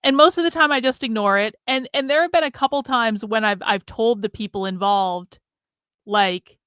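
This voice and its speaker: Bright, crisp-voiced profane woman streamer. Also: on the high side, normal speed, dry recording, studio quality. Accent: American. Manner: candid and profane, laughing often. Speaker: streamer and commentator. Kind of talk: casual live-stream monologue.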